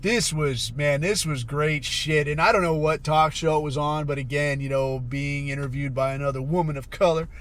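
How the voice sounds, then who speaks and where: A man's voice: on the high side, moderate pace, hardly any pauses, fairly bright tone. Blunt, foul-mouthed man ranting. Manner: profane, blunt, sarcastic. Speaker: podcast host. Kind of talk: casual commentary rant.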